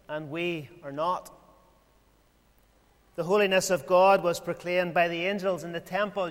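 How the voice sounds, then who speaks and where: A man preaching a sermon in a measured way, full of rhetorical questions and repeated phrases. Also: high voice, a bit bright. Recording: long hall reverb.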